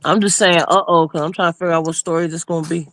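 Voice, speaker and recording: A woman chatting casually with friends on a live stream, with a playful, animated way of talking. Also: on the low side, fast.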